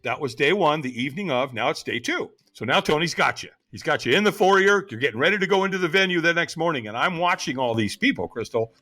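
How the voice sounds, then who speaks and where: Pushed and bright at a medium pitch, a middle-aged podcast guest recounts a personal story with real drama. He performs the voices of each person who appears in it.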